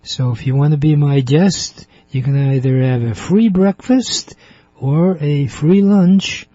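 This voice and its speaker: A man hosting a radio interview show, talking slowly in a chatty way and laughing often. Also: fairly high pitch, mellow, dry recording. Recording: muffled radio broadcast.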